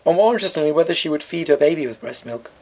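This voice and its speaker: A man's voice: a little high, animated, rapid-fire, creaky, darkish tone. Dry, opinionated man. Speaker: podcast co-host. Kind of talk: casual chat. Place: studio.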